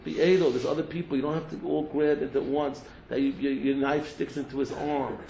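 A yeshiva teacher lectures his students in a slightly raised, gravelly voice, stumbling over repeated words and sprinkling in Hebrew terms. The recording sounds roomy and dull, like a lo-fi tape made in a hall. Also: fairly high pitch, level tone, fairly quick, mellow, a little hiss or hum. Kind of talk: humorous ethical talk.

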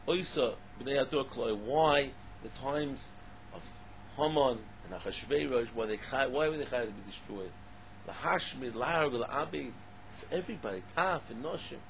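A man's voice: mid-range voice, moderate pace, slight background noise. A man giving a Torah lecture in English full of Hebrew and Aramaic terms. He poses questions, then repeats and stresses them. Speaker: Torah teacher.

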